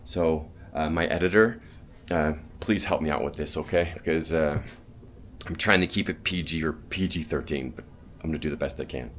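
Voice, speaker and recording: A man's voice: extremely low pitch, normal speed, a little hiss or hum. Chatty man vlogging outdoors. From California, United States. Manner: chatty and rambling, with frequent restarts and laughs. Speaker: travel vlogger. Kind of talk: casual vlog talk to camera. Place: outdoors at a family home.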